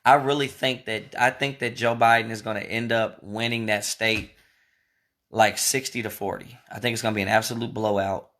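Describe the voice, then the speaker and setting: A man's voice: on the low side, fairly even intonation, normal speed, a bit bright. A man giving casual political commentary in a video, rambling and emphatic, speaking straight to his viewers.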